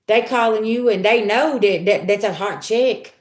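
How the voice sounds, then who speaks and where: A woman's voice: medium pitch, normal speed, echoey room. A middle-aged woman talking candidly and from the heart to her livestream viewers as a tarot reader, streetwise and swearing freely. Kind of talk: casual live-stream talk to viewers.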